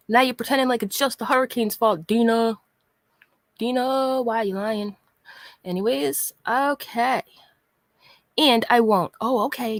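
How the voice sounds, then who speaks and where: A woman's voice: on the high side, dry recording. A woman vlogger ranting in sarcastic, exasperated commentary, sighing and repeatedly calling out someone by name. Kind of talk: casual commentary rant.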